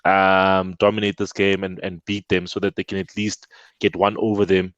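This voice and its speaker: Low-voiced man on a lo-fi call. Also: normal speed, no room sound. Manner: excitable, repeats words when excited. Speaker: football podcast panelist. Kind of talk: casual football chat. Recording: dull lo-fi call audio, dry.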